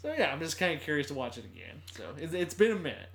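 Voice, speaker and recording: Bright-voiced man co-hosting a podcast. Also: fairly high pitch, racing. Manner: relaxed, rambling anecdotes with fillers. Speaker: podcast co-host. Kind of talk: casual chat.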